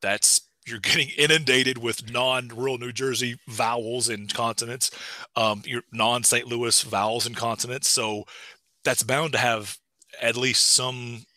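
A Southern US man talks through ideas in an academic seminar over a video call, pausing on fillers and restarting his sentences. His voice is very bright and sits dry and close to the mic. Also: mid-range voice, steady tone, no room sound. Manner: thoughtful, many fillers and restarts. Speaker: guest speaker, linguist.

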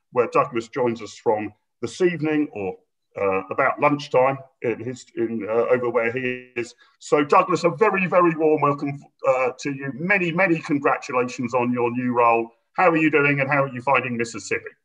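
A man's voice: medium pitch, a bit bright, low-quality recording. A man from Britain hosting and chairing an interview, upbeat and chatty with frequent fillers. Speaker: host, chair of the discussion.

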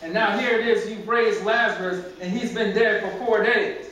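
A man's voice: high-pitched, steady tone, normal speed, a bit bright, highs cut off. A man voicing a sly, scheming male devil who taunts Jesus with stammering repeats. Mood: taunting. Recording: very echoey church, distant mic.

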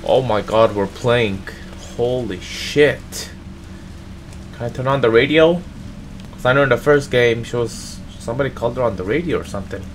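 A man's voice: mid-range voice, fairly quick, slight background noise. A man hosting a gaming channel, giving casual, jokey let's-play commentary and talking straight to his viewers. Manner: excitable, jokey, talks to viewers.

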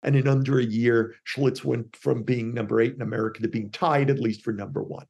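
A man being interviewed as a guest expert, telling a story with animated retellings of quoted characters. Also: medium pitch, brisk, vocal fry, husky, highs cut off. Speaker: podcast guest, differentiation expert.

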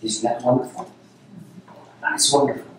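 A man's voice: medium pitch, steady tone, normal speed, background noise. A man giving a dharma talk as a Zen teacher, speaking unhurriedly in short, repeated phrases. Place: meditation center hall. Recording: very echoey hall, voice from far off.

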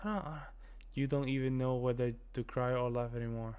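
American man, reaction video host, casual rambling commentary, lots of fillers, mid-pitched voice. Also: steady tone, brisk, a little mellow, clear, resonant tone, muffled recording. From United States. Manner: rambling, repeats himself, many fillers.

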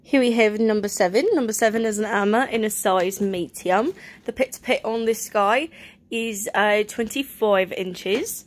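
A woman's voice: mid-range voice, normal speed. A young woman chatting casually at home as she shows items for sale, describing each one with lots of fillers. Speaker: online reseller. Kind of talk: casual live-sale vlog.

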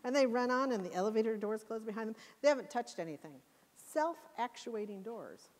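A woman's voice: fairly high pitch, fast talker. A woman giving a passionate, emphatic conference talk. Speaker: conference speaker. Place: conference hall. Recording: long hall reverb.

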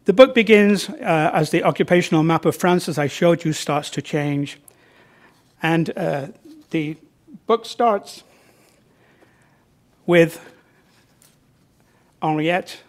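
A man's voice: a little high, slow pace, pauses often. A man giving an informal library talk about his novels, conversational and joking, with fillers as he points to slides.

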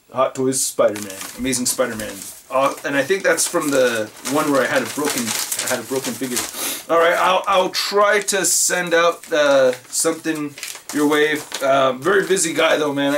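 A man's voice: on the high side, a bit bright, a little hiss or hum. A man vlogging casually while opening fan mail, chatty and rambling with lots of fillers. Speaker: collectibles vlogger.

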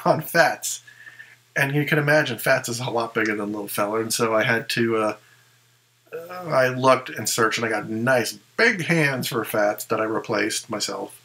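A man's voice: medium pitch, normal speed, bright, forceful tone, poor audio. A man who collects ventriloquist figures, chatting casually in a rambling show-and-tell and second-guessing himself as he goes.

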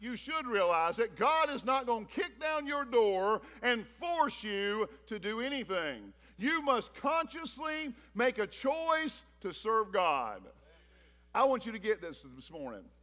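Casting note: male pastor, very high pitched and bright, animated sermon delivery. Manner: animated preaching, acting out Bible characters in quoted voices.

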